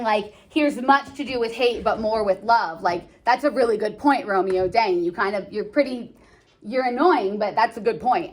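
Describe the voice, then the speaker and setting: A woman teaching a class, chatty and joking, full of filler words. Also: on the high side. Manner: chatty, joking, lots of "like" and "you know". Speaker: English teacher. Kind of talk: classroom lesson.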